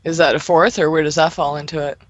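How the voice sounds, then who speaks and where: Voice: medium pitch, steady tone, quick pace, no echo. Curious co-host on a dull call line. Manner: curious, joking. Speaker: co-host asking questions. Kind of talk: casual live-stream talk. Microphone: video call.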